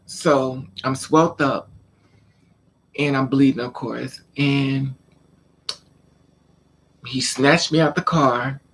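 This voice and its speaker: A man's voice: medium pitch, fairly even intonation, takes it slowly, long pauses, fairly bright tone, slight background noise. A man telling a personal story in a casual vlog, acting out scenes and repeating words for emphasis. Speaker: vlogger.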